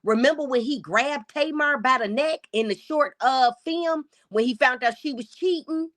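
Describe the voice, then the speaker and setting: A woman's voice: sits high, normal speed, a bit bright. A woman hosting a casual livestream, reacting to clips and talking straight to her chat in an exclamatory, chatty way. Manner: chatty and exclamatory, addresses viewers directly. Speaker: livestream commentary host.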